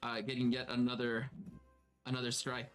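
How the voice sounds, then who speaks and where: A man's voice: medium pitch, monotone, moderate pace, a bit bright. Laughing male game master. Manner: laughing, repeats words. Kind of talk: narrating a tabletop game. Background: tavern music.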